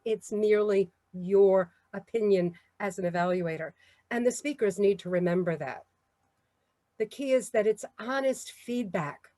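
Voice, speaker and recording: A woman with a New York accent giving a measured, encouraging talk on public speaking. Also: medium pitch, a little mellow, dry recording. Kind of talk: instructional talk.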